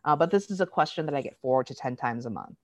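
A woman's voice: rumbling low, fast talker, dry recording. A woman guest in an interview, explaining ideas casually and acting out everyday exchanges, with frequent "um"s and "right?"s. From United States. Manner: animated storytelling, acting out quoted exchanges. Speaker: interview guest, diversity educator. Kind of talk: conversational explanation.

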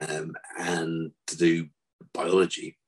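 An older man, a vet, telling stories from his past in a relaxed interview, with dry self-deprecating humour. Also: low-pitched, slow pace. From England. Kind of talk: casual interview chat.

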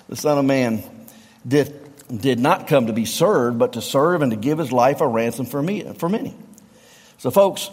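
A middle-aged man with a Southern US accent preaching a sermon, emphatic, repeating refrains and swinging from low tones to near-shouts. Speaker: pastor. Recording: long reverb of a large hall.

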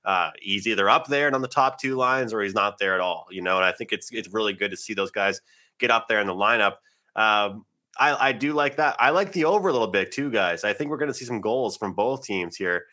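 A man's voice: on the low side, a little fast, pushed and bright. A man co-hosting a sports betting podcast, chatty and loose, full of "you know" and restarts. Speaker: podcast co-host.

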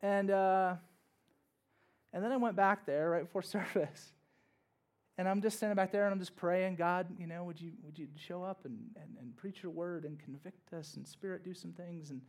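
A man's voice: high voice, moderate pace. A young man, a pastor, giving a conversational sermon with casual asides and rising bursts of energy.

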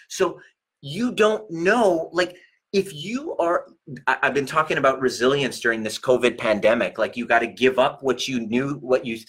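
A man's voice: mid-range voice, a bit bright, slightly rough. A middle-aged man coaching viewers in a casual, profane monologue, laughing often. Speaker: relationship coach and chiropractor.

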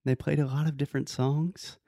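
A Brazilian man whose first language is Portuguese, co-hosting a casual chat and telling travel stories in a relaxed way. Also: on the high side, brisk, gravelly, no room sound, clean studio sound.

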